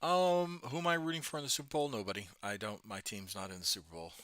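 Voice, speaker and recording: A man's voice: lowish voice, fairly even intonation, fast, fairly bright tone, no echo. A man from Boston with a faint Boston accent, chatting casually and jokingly on his livestream, often stopping and restarting. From Boston, New England. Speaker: livestreamer painting miniatures.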